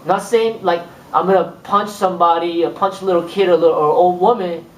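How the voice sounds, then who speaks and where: A man with a fairly high voice gives a loose, rambling kung fu lesson and acts out little exchanges as he goes. He sits well back from the microphone. The room around him rings with echo. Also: fairly even intonation, a little fast. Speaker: kung fu instructor. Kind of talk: informal spoken lesson. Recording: echoey room, mic far off.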